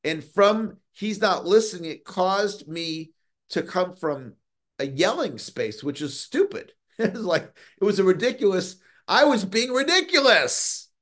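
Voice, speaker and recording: A middle-aged man coaching on a motivational call, earnest, often slowing down to stress key words and repeating phrases. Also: high-pitched, expressive. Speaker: sales coach.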